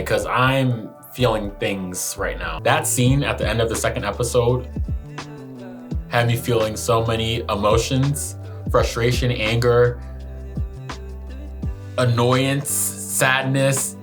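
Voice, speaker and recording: A man hosting a YouTube reaction video, animated and emotional, talking back to the screen. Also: medium pitch, measured pace, music in the background. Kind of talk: casual reaction commentary.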